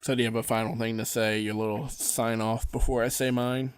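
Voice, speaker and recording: A man's voice: mid-range voice, level tone, fairly quick, clean tone. A man hosting a casual podcast, chatting and teasing his co-host. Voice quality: teasing, joking banter.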